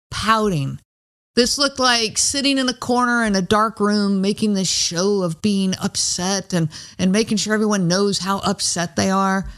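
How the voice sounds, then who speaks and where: A woman hosting a solo podcast, talking straight to her listeners in a relaxed, conversational way. Her voice sits at a middle pitch for a woman. She has a wry, knowing edge and drops into a lower voice when she quotes other people. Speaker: podcast host.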